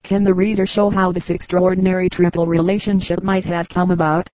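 A woman reading a book aloud in even, measured narration. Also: fairly low pitch, no echo, rough recording. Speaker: audiobook reader. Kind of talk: scripted narration.

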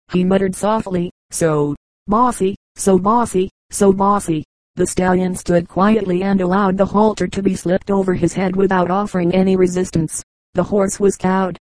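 In this rough recording with no room sound, a woman with a lowish voice reads a collection of humorous anecdotes for an audiobook. Her storytelling is measured and even.

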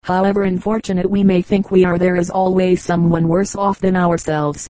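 A woman's voice: lowish voice, flat delivery, normal speed, warm tone, dry recording, close to an everyday voice. A woman voicing a timid hare who cries out in a storybook fable. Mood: relieved. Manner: exclaiming. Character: timid hare, suddenly relieved.

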